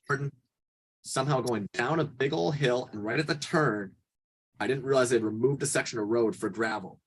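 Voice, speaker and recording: A man in his thirties from Canada, chatting casually on a podcast and telling animated, swear-laced stories. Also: mid-range voice, normal speed, breathy edge. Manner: animated storyteller, swears freely. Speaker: podcast guest. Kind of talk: casual chat.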